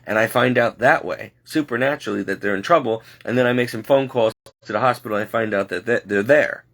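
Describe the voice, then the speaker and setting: A man casually telling a personal story in an earnest, halting way. He often restarts his sentences and speaks openly about God and the supernatural. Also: medium pitch, a bit bright. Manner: earnest, halting, circles back on itself.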